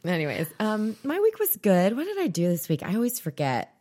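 A woman's voice: medium pitch, huge pitch swings, a little fast, warm tone. A woman in her thirties co-hosting a podcast, telling stories in a dry, self-mocking casual chat. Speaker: podcast co-host.

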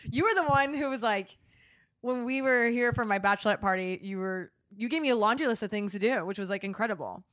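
A woman's voice: a little high, a bit bright, no echo, clean studio sound. Chatty woman asking eager questions. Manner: chatty, quick to react and tease. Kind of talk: casual chat.

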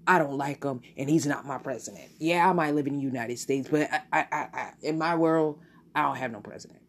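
A woman hosting her own podcast, delivering a blunt, profane, animated solo rant. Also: low-pitched, a little fast, slight background noise. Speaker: podcast host.

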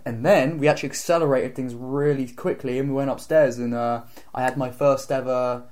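A man's voice: medium pitch, steady tone, a little mellow. A young man telling a frank story in casual chat, laughing often and acting out what he said back then. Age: young adult. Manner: rapid, laughing, frank, acts out his own quotes. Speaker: podcast co-host.

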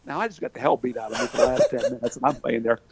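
Speaking fast over a loud crowd, this former wrestler swings his medium-pitched voice widely up and down. He's an older guest from Pennsylvania being interviewed, and he tells stories in a homespun, filler-heavy way during a relaxed chat.

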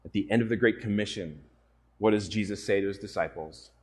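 A man's voice: fairly low pitch, brisk, darkish tone. A man preaching a sermon as pastor to a congregation, earnest and often putting questions to his listeners.

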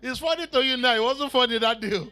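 A man with a Nigerian accent preaching a sermon in church, telling a personal story with laughter and shouted exclamations. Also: extremely high pitch, fast, smooth.

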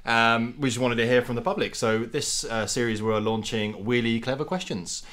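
A man co-hosting a casual podcast chat, relaxed and a little hesitant, with frequent fillers. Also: medium pitch, moderate pace. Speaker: podcast co-host.

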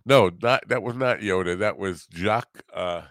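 An older man hosting a podcast in casual, rambling chat, halting often and joking at his own expense. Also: low-pitched, fairly bright tone, no room sound. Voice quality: rambling, halting, self-deprecating. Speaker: podcast host.

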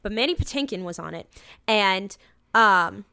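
A woman's voice: medium pitch, animated, normal speed, creaky, pushed and bright, clear, resonant tone, no echo, clean studio sound. A woman co-hosting a podcast in casual chat, rambling with lots of fillers and casual swearing. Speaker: podcast co-host.

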